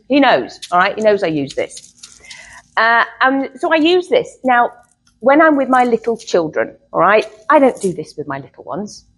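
A woman's voice: mid-range voice, breathy edge, low-quality recording. A middle-aged woman, a therapist, teaching a live workshop to a group in a chatty way, often checking in with "okay?".

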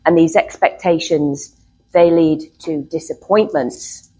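A woman's voice: sits low, slow pace, warm tone, breathy edge, rough recording. A middle-aged woman, a therapist, teaching a live workshop to a group in a chatty way, often checking in with "okay?".

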